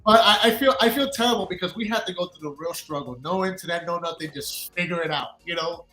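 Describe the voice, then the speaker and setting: A man in his thirties from the Dominican Republic with a New York accent, talking loudly and eagerly as a guest. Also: sits high, fast, faint music behind. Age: 30s. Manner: enthusiastic, loud. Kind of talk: casual live-stream chat.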